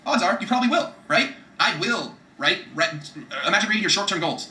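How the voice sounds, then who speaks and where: A man giving a fast, profane, emphatic motivational talk about setting goals, often repeating himself for emphasis. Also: high voice, animated, pushed and bright, roomy sound. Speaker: vlogger giving trading and goal-setting advice.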